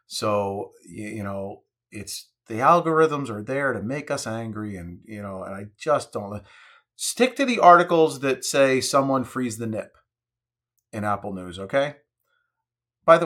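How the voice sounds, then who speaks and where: Bright-voiced Philly guy hosting. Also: mid-range voice. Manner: chatty, wry, jokey asides. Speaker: host. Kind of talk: casual cocktail-making vlog chat.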